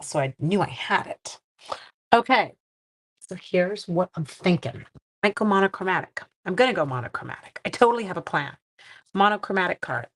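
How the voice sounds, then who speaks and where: A Canadian woman with a medium-pitched, fairly bright voice hosts a casual live-stream card-making demo. She's chatty and self-deprecating, thinking aloud as she works and talking with her viewers.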